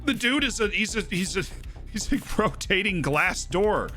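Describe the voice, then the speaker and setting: Excitable young man streaming a game. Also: high voice, normal speed, faint music behind. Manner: shouts and cheers at big moments, jokey. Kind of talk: excitable live game commentary.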